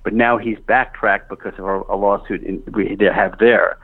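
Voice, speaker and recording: A middle-aged man speaking as a guest over the telephone, steady and factual, with many fillers. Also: on the low side, normal speed, husky, no room sound. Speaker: phone-in guest. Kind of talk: phone interview. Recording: dry, tinny phone line.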